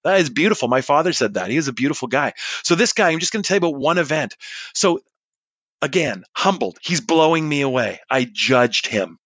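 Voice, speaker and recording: A man in his forties telling an anecdote, chatty and animated, acting out the people he quotes. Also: on the high side, fast, husky, no room sound. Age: 40s. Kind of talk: storytelling monologue.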